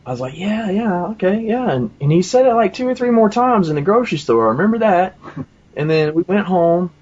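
A man's voice: sits high, big pitch swings, a little fast, darkish tone. Guy rambling thru his story, lots of you-knows, dull lo-fi audio. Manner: rambling, many fillers and asides. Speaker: person telling a personal testimony. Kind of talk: casual storytelling.

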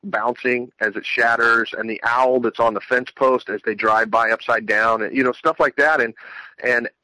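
A man's voice: medium pitch, fairly even intonation, normal speed, pushed and bright, dry recording, rough recording. A man giving an earnest, rambling personal religious testimony, often restarting his sentences.

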